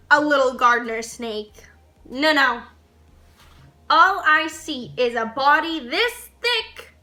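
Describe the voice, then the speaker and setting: High, bright-voiced young woman vlogger. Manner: animated, swearing, laughing storyteller. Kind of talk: casual storytelling to camera.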